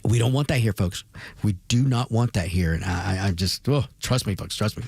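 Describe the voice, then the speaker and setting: A man's voice: lowish voice, lively intonation, fairly quick, vocal fry, a little mellow, breathy edge, no echo. A man hosting a talk radio show, delivering an emphatic political monologue, repeating points and calling his listeners folks. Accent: Spanish-rolled R's on Latin words.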